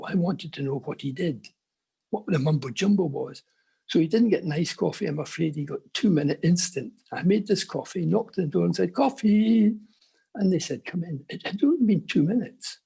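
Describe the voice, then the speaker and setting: Husky, gravelly older man. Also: fairly high pitch. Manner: earnest storytelling with quiet asides. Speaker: conference speaker. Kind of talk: personal testimony.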